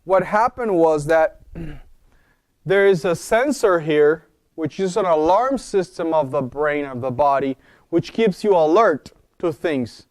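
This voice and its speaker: A man teaches a wellness class at a wellness center, giving an informal, explanatory lecture and often asking his audience questions to check in. His voice is on the high side, animated, slow, and a little mellow, with clean studio sound and no room sound.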